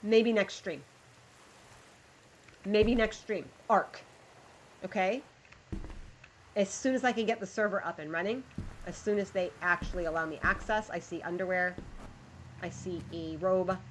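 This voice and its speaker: A woman's voice: on the low side, moderate pace, pauses often, a little hiss or hum, poor audio. A woman livestreaming, chatting with her viewers as she plays a game and reads a story aloud. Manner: chatty, talks to chat while playing. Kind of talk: live game commentary and storybook reading.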